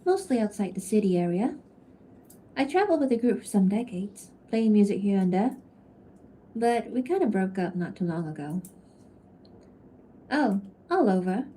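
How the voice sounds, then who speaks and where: Casting: a laid-back veteran traveling musician, a woman reading the part, recalling the past plainly, at an even pitch. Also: moderate pace, long pauses, close to an everyday voice. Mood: easygoing. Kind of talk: voice acting takes for an animatic.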